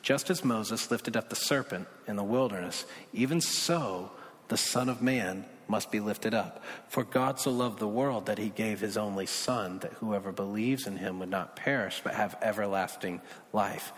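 A man preaching a sermon in a casual, conversational way, full of asides, swinging from loud bursts down to hushed low passages. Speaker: pastor. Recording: long reverb of a large hall.

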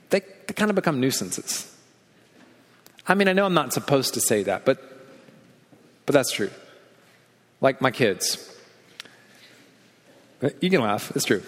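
A man in his thirties preaching a sermon as a pastor, telling stories with animation and dropping low and quiet to stress a point. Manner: animated storytelling, drops low and quiet for emphasis. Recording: long hall reverb.

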